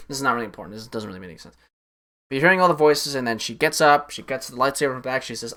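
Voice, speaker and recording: A young man casually recapping a film on a stream, rambling and profane, excitedly acting out lines from the scenes. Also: mid-range voice, fast talker.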